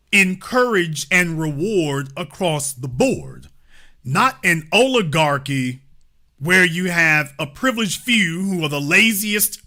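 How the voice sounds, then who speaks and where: A man hosting a political commentary show, speaking emphatically with rhetorical questions and drawn-out stresses. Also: a little high, bright, forceful tone.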